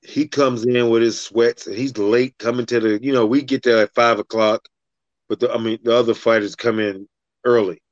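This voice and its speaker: A man spins a fight story in loose, profane chat, jumping into the voices of the people in it. His voice is mid-pitched and sits close and dry, with a slightly dull, muffled sound. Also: fairly even intonation, moderate pace, dry recording. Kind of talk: casual storytelling in a podcast chat.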